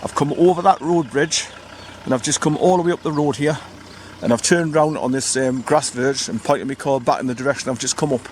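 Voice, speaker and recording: Man, casual outdoor vlog, rambling, mid pitch, faint background noise. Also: brisk. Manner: chatty, rambling, spells out place names. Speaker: vlogger. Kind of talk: casual walking vlog narration. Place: outdoors beside a parked car in countryside.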